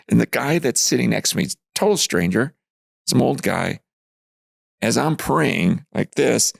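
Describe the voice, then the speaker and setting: A man in his fifties, a pastor, telling a story earnestly in conversation, growing animated as he retells it. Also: mid-range voice, measured pace, vocal fry, slightly rough, dry recording, clean studio sound. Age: 50s. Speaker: pastor, guest.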